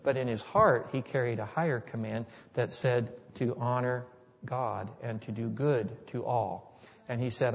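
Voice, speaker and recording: Preacher telling a story in a hall. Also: male voice, mid-range voice, steady tone. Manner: slow, conversational retelling with frequent restarts. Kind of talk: sermon storytelling. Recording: dull sound in a reverberant hall.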